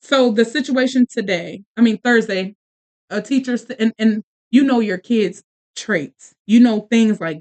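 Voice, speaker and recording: Mom in her 30s hosting a podcast, kinda high voice, tells stories fast with lots of restarts. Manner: animated, talks in quick bursts with restarts and asides. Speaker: podcast host; mother. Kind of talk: casual storytelling chat.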